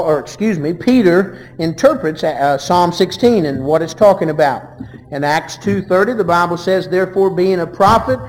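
A man preaching a sermon, reading verses aloud and swinging between loud and hushed delivery. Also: high voice, long reverb tail.

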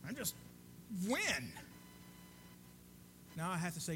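A man preaching a sermon in an earnest, conversational way, often dropping to a soft hush. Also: high-pitched, wildly swooping pitch, takes it slowly, long pauses, background noise.

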